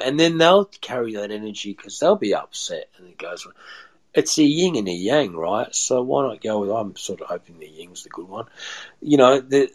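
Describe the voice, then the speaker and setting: A man's voice: on the low side, poor audio. A man, a chef chatting as a podcast guest and telling rambling stories with many restarts. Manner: rambling, repeats and restarts phrases. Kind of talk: casual storytelling chat.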